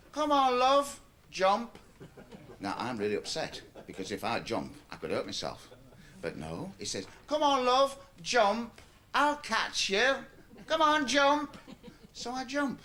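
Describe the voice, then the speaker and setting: A cynical middle-aged comic, bright voice that swoops way up and down, chatty and preachy, radio play. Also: male voice, a little high, slight background noise, heavily acted. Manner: chatty, lecturing, shifts into a club comedy routine. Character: aging male stand-up comic, cynical and wheedling. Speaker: comedian.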